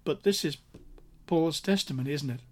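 A man's voice: a little high, moderate pace. A man preaching a sermon, explaining a passage point by point in an earnest, emphatic way that repeats key phrases. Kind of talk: sermon teaching.

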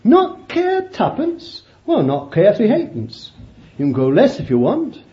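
A man preaching a sermon, animated and laughing often as he calls his listeners beloved. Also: fairly high pitch, normal speed, highs cut off.

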